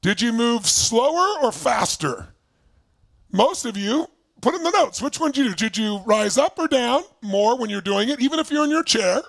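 A man leading a live seminar over video call as a motivational speaker, energetic and emphatic, prodding his audience with constant "right?". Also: extremely high pitch, moderate pace, creaky, no echo.

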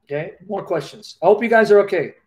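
A man with a notably high voice hosts a live Q&A over a video call. He speaks earnestly and with feeling, circling back to repeat key phrases as he tells a personal story. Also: quick pace, a little mellow, lo-fi sound. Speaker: host of a live Q&A.

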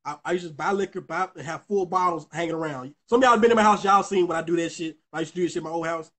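This young vlogger talks fast, his voice on the high side with a fairly bright tone. Addressing his viewers, he spins a meandering, foul-mouthed story full of false starts.

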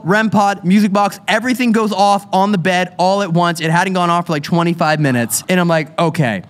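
A man hosting a live paranormal show on stage, telling a story in an animated, excitable way and laughing often. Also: high-pitched. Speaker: paranormal investigator podcast host.

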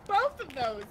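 A woman streamer chatting casually with friends over a game, excitable and quick to laugh, often restarting her sentences. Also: very high-pitched, a little hiss or hum. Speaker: streamer playing a ghost-hunting game with friends. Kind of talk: casual gaming chat.

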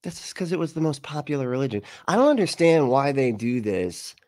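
A man's voice: mid-range voice, lively intonation, a little fast, warm tone, no room sound, clean studio sound. A man hosting a casual reaction show, rambling and sarcastic, swearing freely and laughing at what he watches. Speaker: host.

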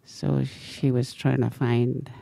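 An older woman from Alaska, an elder storyteller, talking in a gentle, halting way with many pauses. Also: extremely low pitch, flat delivery, vocal fry. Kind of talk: unhurried storytelling interview.

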